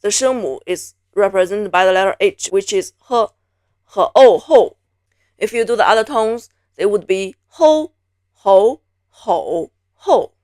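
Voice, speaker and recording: A woman's voice: medium pitch, expressive, darkish tone, dry recording, clean studio sound. A woman from Beijing teaching a Mandarin pronunciation lesson, patiently repeating each sound several times. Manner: patient, drills sounds by repeating them slowly.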